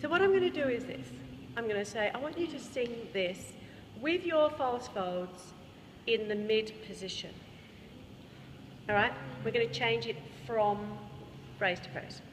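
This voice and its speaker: A woman's voice: fairly high pitch, unhurried. An Australian woman leading a choir workshop, explaining vocal technique and singing short examples. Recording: reverberant hall, faint room noise.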